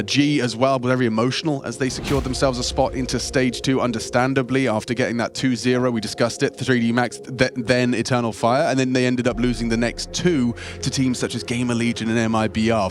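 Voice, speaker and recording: A man's voice: mid-range voice, steady tone, a little fast. A man casting esports, playful and full of puns and banter. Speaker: esports caster. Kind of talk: color commentary.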